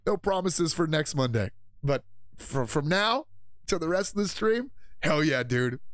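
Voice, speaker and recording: A man hosting a livestream show, ranting about politics in a profane, mocking way and laughing often as he gets excited. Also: on the high side, measured pace, dry recording. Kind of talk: casual political rant on a livestream.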